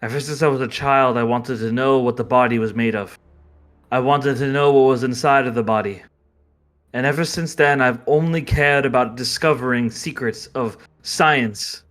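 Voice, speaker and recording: A man's voice: mid-range voice, fairly bright tone, natural voice. A man voicing a remorseful old scientist. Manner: tearful, confessional. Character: remorseful older male scientist, once cruel.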